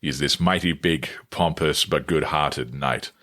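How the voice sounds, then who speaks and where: A man's voice: very deep voice, unhurried. A man, a voice actor telling stories in an interview. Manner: animated, slips into character voices. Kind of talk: guest interview clip.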